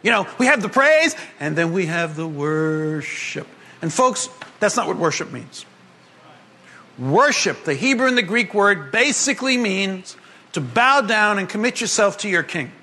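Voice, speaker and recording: A man preaching a sermon to a congregation, animated and humorous, moving between emphatic and hushed delivery. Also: high-pitched, measured pace. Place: congregation gathering.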